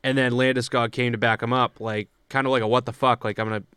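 A man's voice: mid-range voice, level tone, fairly bright tone, clean tone, no echo, studio quality. A young man co-hosting a casual sports podcast, talking loosely and swearing often. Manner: loose and profane, quick asides. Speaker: podcast co-host. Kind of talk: casual hockey chat.

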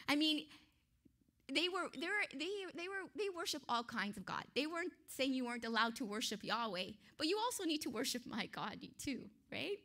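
A woman teaching a Bible study, excitable and emphatic, asking the listeners rhetorical questions. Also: high voice, normal speed.

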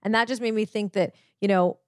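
A woman co-hosting a podcast, jumping in with quick, eager remarks. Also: mid-range voice, steady tone, darkish tone, no echo, clean studio sound. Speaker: podcast co-host. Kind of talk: casual podcast conversation.

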